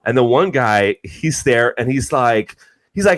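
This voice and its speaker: A man's voice: medium pitch, expressive, a little slow, fairly bright tone, dry recording, poor audio. A man on a podcast telling a long everyday story, with frequent restarts and fillers. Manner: rambling storyteller, many restarts. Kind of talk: casual chat.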